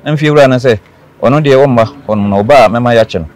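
A man's voice: medium pitch, quick pace, darkish tone. A man from Ghana, a guest in an interview, earnestly telling his own story and repeating key phrases for emphasis.

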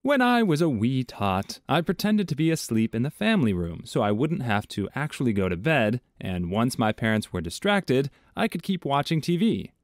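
A man reading online stories aloud in a measured, even tone, adding his own commentary between them. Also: mid-range voice, dry recording, studio quality. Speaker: story narrator.

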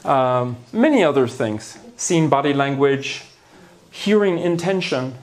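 A man's voice: mid-range voice, lively intonation, slow. A man giving a conference lecture on the brain, playful and theatrical, with gasps, asides and small jokes for the audience. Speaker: neuroscience lecturer. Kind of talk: conference talk. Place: conference hall before an audience.

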